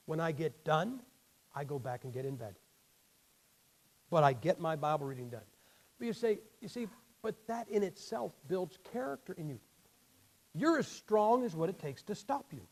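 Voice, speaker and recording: A man's voice: fairly high pitch, lively intonation, moderate pace, pauses often, a little mellow, low-quality recording. A man in his sixties preaching a sermon in a blunt, folksy, emphatic way, his damaged vocal cords leaving him short of air at the ends of sentences.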